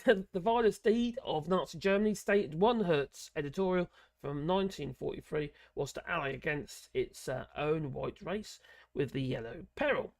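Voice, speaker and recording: A man hosting a political channel, reading an article aloud in a halting way with many fillers and adding sarcastic asides. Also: on the high side, no echo.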